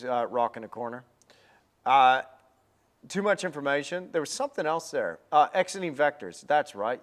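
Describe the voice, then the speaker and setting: A young man giving a live painting lesson, chatty and rambling with a self-deprecating manner. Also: medium pitch. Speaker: painting instructor.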